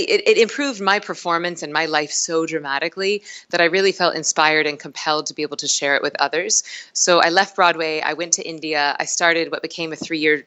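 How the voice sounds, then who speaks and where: Bright, lively woman in her thirties. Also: deep voice, clear, resonant tone. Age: 30s. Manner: animated, laughing storyteller. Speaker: meditation teacher, guest. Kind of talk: casual podcast interview.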